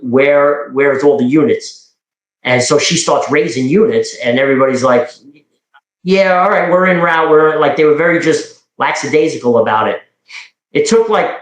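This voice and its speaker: A middle-aged man from New York casually telling police stories in a rambling, animated way, quoting dialogue. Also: medium pitch, roomy sound, low-quality recording. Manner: rambling, animated, with frequent restarts and quoted dialogue. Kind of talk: casual storytelling.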